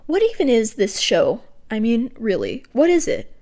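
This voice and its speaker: A woman's voice: on the high side, huge pitch swings, normal speed, a little mellow. A woman hosting her podcast, reading her own poetry aloud with awkward, self-deprecating asides. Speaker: podcast host.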